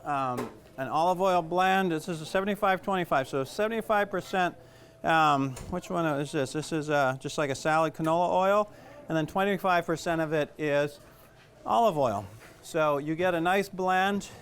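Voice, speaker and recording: A man's voice: a little high, moderate pace, fairly bright tone, slight background noise. A middle-aged man with a Southern US accent, a chef giving a casual cooking demonstration, chatty and rambling with jokes at his own expense. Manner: chatty, rambling, self-joking.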